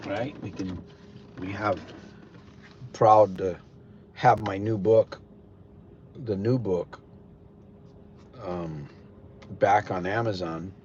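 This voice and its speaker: Low-voiced and a little mellow, this Connecticut-accented podcast host speaks slowly with long pauses and fairly even intonation on his live stream. He's casual and blunt, rambling and often restarting. Faint noise sits under the dull, lo-fi audio.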